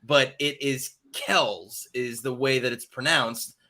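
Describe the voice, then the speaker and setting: A man hosting a casual morning show, upbeat and quick to laugh as he quizzes his co-host. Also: mid-range voice, little pitch movement, sharp tone.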